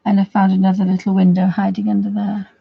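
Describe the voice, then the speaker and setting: A woman's voice: mid-range voice, monotone, quick pace, vocal fry, slightly rough, muffled recording. A woman chatting casually as she walks through a coloring tutorial at home, rambling a little as she works. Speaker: craft video host.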